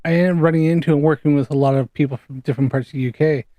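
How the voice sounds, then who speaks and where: A Canadian man with a faint Scouse edge, on the higher side for a man, talks over a video call. He tells stories with lively energy, swears freely and laughs as he goes. The sound is close and dry. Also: rapid-fire, dry recording. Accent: Canadian, with some Scouse. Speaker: guest. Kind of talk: casual chat.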